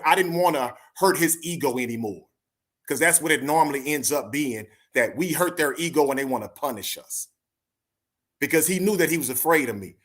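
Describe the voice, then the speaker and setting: A man in his forties telling a personal story in casual chat, talking earnestly and directly to his listeners. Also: fairly high pitch. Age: 40s. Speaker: podcast co-host.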